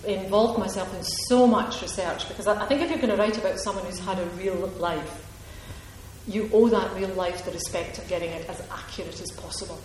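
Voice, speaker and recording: A woman's voice: mid-range voice, brisk, darkish tone. A woman from Scotland, an author answering audience questions in a chatty, digressive way, laughing often. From Ayrshire, Scotland. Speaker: author at a reading. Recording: echoey hall with faint noise.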